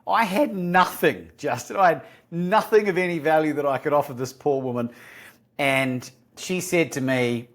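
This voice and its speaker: An Australian man, a podcast guest and courage coach, telling lively stories in an interview and acting out the phone calls he recounts. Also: a little high, moderate pace. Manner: animated storyteller, acts out phone calls. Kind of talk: storytelling interview talk.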